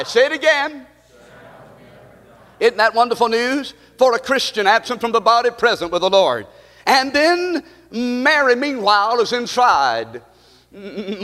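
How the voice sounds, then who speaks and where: A pastor preaches a sermon in a church sanctuary, his high-pitched voice bright and forceful. He calls out to the congregation with a rising and falling delivery. The live stream carries long hall reverb.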